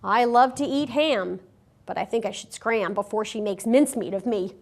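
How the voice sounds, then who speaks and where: A woman's voice: a little high, moderate pace, slight background noise, close to an everyday voice. Woman doing a blustering big bad wolf. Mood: nervous.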